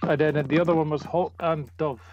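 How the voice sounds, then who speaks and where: An upbeat man with a slightly high voice in casual group chat, reading out comic credits. Sound is dull and lo-fi, with keyboard typing behind. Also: steady tone, brisk, a little mellow. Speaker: comic book club member.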